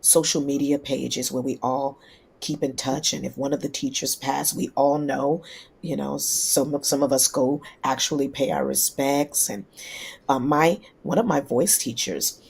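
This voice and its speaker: A singer from New York City, a woman, telling lively stories in a casual interview and acting out the people she quotes. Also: extremely low pitch, measured pace, vocal fry, slightly rough. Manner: lively anecdotes, acts out quoted voices. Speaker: singer guest.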